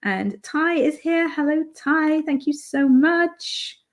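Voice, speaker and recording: A woman's voice: high voice, animated, slow. A woman from the UK hosting a live stream from home, chatting casually and reading viewer comments aloud with lots of fillers. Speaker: livestream host reading chat. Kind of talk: casual chat.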